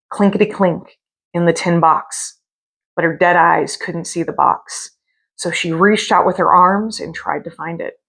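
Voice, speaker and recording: A woman reading a scary story aloud from a hotel room, with slow, drawn-out dramatic delivery. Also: fairly low pitch, fairly even intonation, a bit bright.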